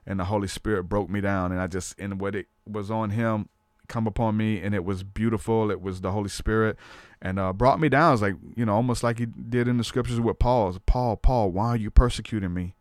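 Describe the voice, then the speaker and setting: A man's voice: lowish voice, fairly even intonation, a little fast, smooth, dry recording, studio quality. A man hosting a podcast, telling a personal faith testimony in casual talk, earnest and storytelling, often saying "man". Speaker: podcast host.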